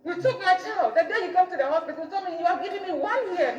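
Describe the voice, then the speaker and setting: A woman's voice: very high-pitched, lively intonation, very fast, few pauses, over music, crowd noise. A distressed woman, crying and accusing, pleading and repeating her questions as she films someone. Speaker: mother confronting a social worker on video. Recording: lo-fi echoey phone video.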